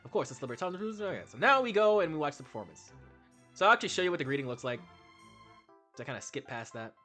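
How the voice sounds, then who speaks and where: A man's voice: a little high, animated, fast talker, pushed and bright, faint music behind. A man giving casual, rambling gameplay commentary, swearing freely and musing on life as he plays. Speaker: let's play streamer.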